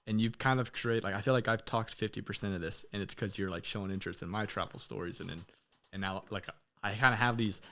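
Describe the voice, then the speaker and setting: A young man hosting a podcast in casual chat, swearing freely and laughing loudly as he tells stories. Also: on the low side, fast talker, a little hiss or hum. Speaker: podcast host.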